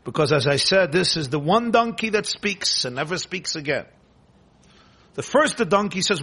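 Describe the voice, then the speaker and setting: A man's voice: high-pitched, lively intonation, moderate pace, pushed and bright, breathy edge. A man teaching a Torah class, retelling a scripture story emphatically, quoting the Hebrew and translating it line by line. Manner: emphatic, repetitive, quotes and translates Hebrew text.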